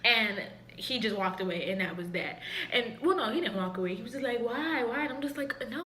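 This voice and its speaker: A woman's voice: medium pitch, lively intonation, a little fast, background noise. A young adult woman vlogger telling a candid storytime, speaking frankly and laughing often. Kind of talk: casual storytime. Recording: echoey room with faint ambience.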